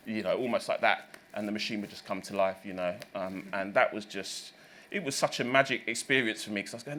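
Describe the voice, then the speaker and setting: A recording engineer in his thirties tells stories in a reflective interview, rambling with plenty of fillers and self-corrections. His voice is lowish and fairly bright, and he talks at a quick pace. There's slight background noise.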